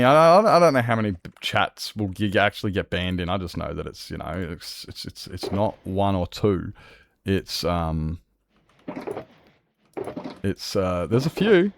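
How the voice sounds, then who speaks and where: Vulgar, animated Australian guy. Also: low voice, normal speed, a little hiss or hum. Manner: vulgar, swears freely, rough around the edges; animated, jokey, laughs often. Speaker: game streamer. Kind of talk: live game-stream chat.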